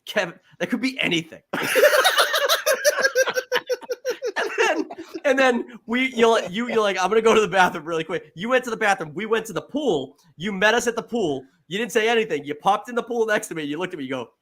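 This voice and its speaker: A male podcast co-host jumps in to retell a friend's story, eager and repetitive. His voice is high and swings widely in pitch. It is loose, casual talk among friends. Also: fast talker. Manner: excitable, repeats himself while retelling. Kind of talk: casual chat.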